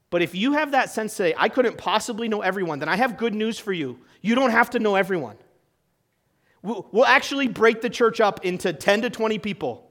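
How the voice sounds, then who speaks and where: High-voiced man preaching a sermon. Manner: conversational preaching with rhetorical questions; swings from loud emphasis to quiet, near-hushed lines. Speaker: pastor.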